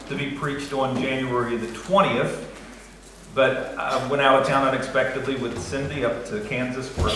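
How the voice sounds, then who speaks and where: A man preaching a sermon as pastor, conversational and joking with the congregation, in a church sanctuary. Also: mid-range voice. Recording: echoey church hall, faint noise.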